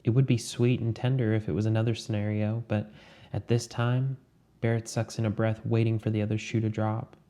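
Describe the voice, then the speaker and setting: A male storyteller reads a story aloud in a steady, measured way. His voice is low and dark, with a flat, level delivery that rarely rises or falls. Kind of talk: scripted fiction narration.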